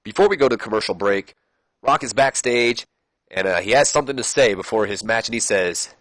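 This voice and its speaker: A man's voice: fairly low pitch, expressive, brisk, fairly bright tone, dry recording. A man hosting a gameplay channel, casually narrating a wrestling simulation with rambling, jokey asides. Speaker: game channel host. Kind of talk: let's play commentary of a wrestling sim.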